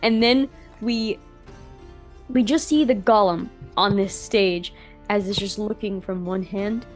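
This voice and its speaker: Woman, game master, casual narration, slow, middle pitch, faint music. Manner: casual, filler-laden narration with many "like"s.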